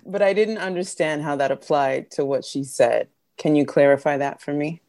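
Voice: mid-range voice, normal speed, darkish tone, no echo. A cheerful co-host reads a listener's letter aloud on a talk show. The recording is dry and close, with no room sound.

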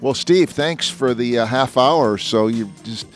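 A man's voice: mid-range voice, a little slow, faint music behind. A male podcast host in casual interview chat, friendly and chatty with hesitant fillers.

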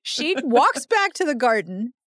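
Animated woman podcast host, dry sound. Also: high voice, unhurried, no echo. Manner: animated, dramatic readings and playful asides. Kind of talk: casual book recap chat.

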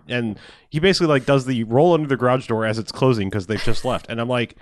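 A man's voice: mid-range voice, fast talker, a little hiss or hum. A man casually recapping a movie plot in a rambling, profane way, laughing often.

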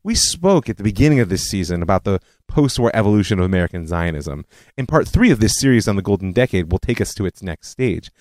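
A man hosting a history podcast, telling it as a scripted lecture with animated storytelling and personal asides. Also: low-pitched, quick pace, no room sound.

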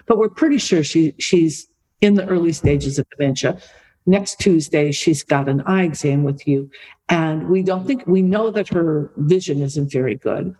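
A middle-aged woman, an author and podcast guest, telling a family story in a lively conversational way. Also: sits low, low-quality recording. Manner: lively anecdotal storytelling, repeats for emphasis.

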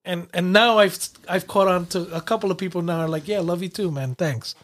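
High-voiced man in easygoing chat. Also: a little fast, a bit bright. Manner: easygoing, lots of fillers and giggles. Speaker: podcast co-host. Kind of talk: casual chat.

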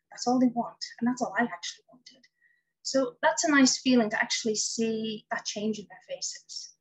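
A woman life coach answering interview questions, telling stories in an animated way. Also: a little high, breathy edge. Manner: animated storytelling. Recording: dull lo-fi recording.

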